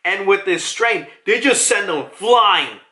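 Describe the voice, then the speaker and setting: A man casually reviewing a comic chapter, excitable and swearing often. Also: high voice, takes it slowly. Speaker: manga reviewer. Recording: roomy echo.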